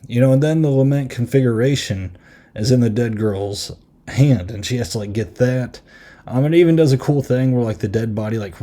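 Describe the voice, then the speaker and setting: A man hosting a podcast, casually recapping a horror film with lots of "like" and "um" and quick half-acted quotes. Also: mid-range voice, dark tone. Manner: rambling, filler-heavy recap with frequent "like" and "um"; easily amused, retells scenes with quick half-acted quotes. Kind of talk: casual chat.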